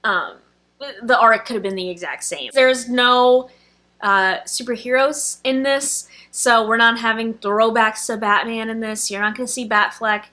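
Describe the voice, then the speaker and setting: A woman's voice: on the high side, fairly even intonation, a little slow, bright, forceful tone. A young adult woman reviewing a film in casual chat, gushing and emotional, with many fillers.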